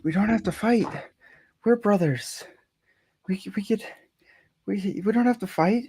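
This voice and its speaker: A player voicing a young fighter who pleads in a halting way. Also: medium pitch, mellow, a little hiss or hum, lightly acted. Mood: pleading.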